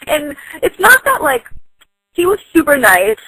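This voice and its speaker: A woman's voice: high-pitched, big pitch swings, moderate pace, sharp tone, dry recording, poor audio. A woman telling a casual story from work, chatty and giggly, full of likes and ums. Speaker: storyteller in a voice post.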